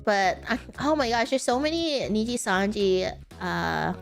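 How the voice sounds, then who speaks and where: A woman's voice: mid-range voice, animated, a little slow, vocal fry, soft background music. A woman streamer in casual chat who rambles, giggles and keeps correcting herself mid-sentence.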